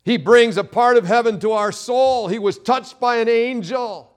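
A male pastor preaching a sermon, reading scripture and swinging between loud emphatic quotes and quiet asides. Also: very high-pitched, moderate pace, clean tone.

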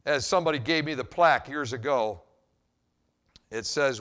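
A male pastor preaches and tells a story in an animated way, with a mid-pitched voice. His loudness rises and drops as he talks. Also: normal speed. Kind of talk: sermon with storytelling.

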